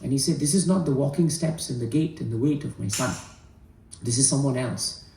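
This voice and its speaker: A man with a dark, gravelly voice tells a devotional tale, earnest and measured. He sits back from the mic in an echoey room, so his words ring off the walls. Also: medium pitch, far from the mic. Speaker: spiritual storyteller. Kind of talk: devotional storytelling talk.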